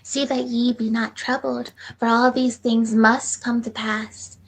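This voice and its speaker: A woman reading scripture aloud in a steady, measured way during a Bible study. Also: fairly high pitch, gravelly, poor audio. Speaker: scripture reader.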